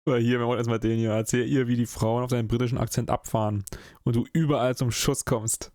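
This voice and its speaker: A man's voice: mid-range voice, little pitch movement, fast talker, darkish tone, no room sound, studio quality. A man commenting casually on a video game as a let's-play host, sarcastic and joking.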